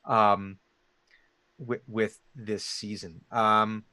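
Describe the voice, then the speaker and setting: A man who is the game master, talking through a session recap in a halting way with many ums and restarts. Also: on the low side, little pitch movement, bright, forceful tone, dry recording. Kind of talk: post-session recap chat.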